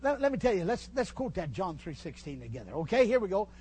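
Older man, preacher, folksy sermon, teasing, halting restarts, church. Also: sits high, sing-song, background noise. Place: church hall.

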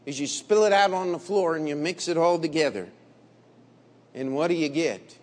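A man preaching a sermon in a blunt, combative way, dropping to low murmurs and rising to loud emphatic bursts. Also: moderate pace. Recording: long hall reverb.

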